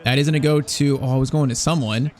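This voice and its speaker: A young man giving casual, excitable play-by-play of his own football video game, anxious and full of slang. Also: medium pitch, quick pace. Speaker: gaming YouTuber. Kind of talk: casual gameplay commentary.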